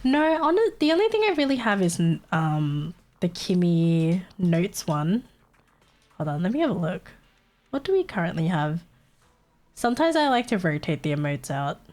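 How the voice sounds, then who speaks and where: A woman's voice: fairly low pitch, sing-song, normal speed, darkish tone. A young woman streaming live, chatting casually with her viewers, chatty and giggly and swearing freely.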